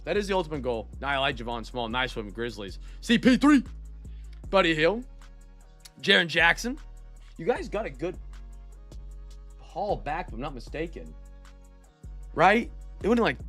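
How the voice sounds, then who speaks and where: A man's voice: fairly high pitch, sharp tone. A man hosting a live-streamed trading card break, chatting casually with viewers and reading out player names as he goes.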